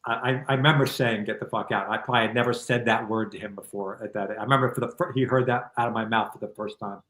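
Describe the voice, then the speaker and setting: A middle-aged man telling a personal story as a guest, in a calm, reflective and candid way over a video call. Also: medium pitch, fast talker, reverberant, poor audio. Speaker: guest author. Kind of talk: conversational storytelling.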